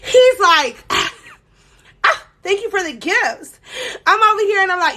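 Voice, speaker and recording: A young woman with a high voice tells a long story on a live stream. She acts out every scene with dramatic flair and keeps breaking off to read the chat. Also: a little slow. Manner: animated, dramatic retelling, reads chat aloud.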